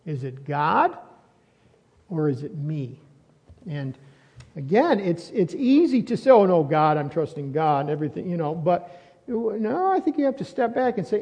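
A man's voice: fairly high pitch, very animated, normal speed, darkish tone, husky. A man preaching a sermon in a conversational way, asking rhetorical questions and often restarting his sentences. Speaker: pastor. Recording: muffled audio with long reverb.

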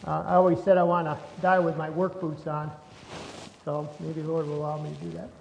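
Chewing gum as he talks, this pastor delivers a conversational sermon in the church sanctuary, restarting often and pushing his emphasis upward. He speaks fairly quickly, with a fairly high, level voice and vocal fry. He isn't wearing his lapel mic, so the recording sounds muffled, with long hall reverb and a bit of hiss or hum.

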